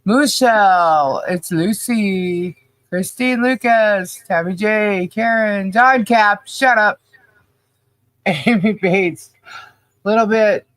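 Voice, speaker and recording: High-pitched and fairly bright, this man's voice has no echo and a slightly stuffy, nasal quality he blames on humidity and allergies. As a livestream co-host, he's upbeat and chatty, reeling off viewers' names.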